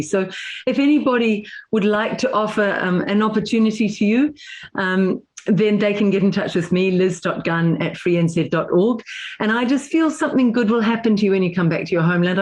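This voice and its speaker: A middle-aged woman from New Zealand hosts a casual interview. She speaks earnestly and with feeling, at a medium pitch. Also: a little mellow.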